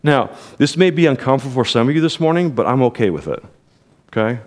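A man's voice: medium pitch, lively intonation, quick pace, a little mellow. A male pastor delivering a sermon in a conversational style, speaking directly to the congregation. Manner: conversational preaching with direct appeals and quoted voices.

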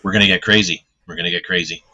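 A man co-hosting a podcast in casual chat, cracking deadpan one-liners. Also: sits low, racing, highs cut off. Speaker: podcast co-host.

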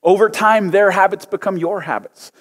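A man's voice: high voice, normal speed. A man in his thirties preaching a sermon as a pastor, conversational and often asking his listeners questions. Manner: conversational, asks the audience questions. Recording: long hall reverb.

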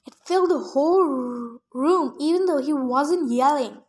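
A woman's voice: high voice, moderate pace, a little mellow. A woman reading a novel aloud in plain narration, now and then stopping for chatty asides about her own misreadings. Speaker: reader.

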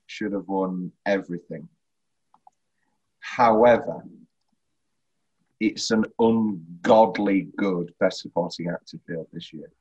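A man co-hosting a casual film podcast, blunt and sweary, with a husky voice. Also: on the low side, highs cut off. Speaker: podcast co-host.

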